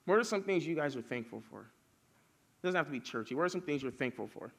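A man's voice: fairly high pitch, expressive, a little fast, creaky, fairly bright tone. A man preaching casually to young people, telling stories with lots of fillers. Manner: chatty storytelling with many fillers. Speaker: youth pastor.

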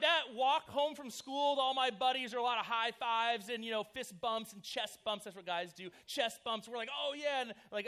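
A man, preaching a casual sermon to young people, telling stories with lots of fillers. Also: high voice. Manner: energetic, chatty storytelling with many fillers. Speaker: youth pastor.

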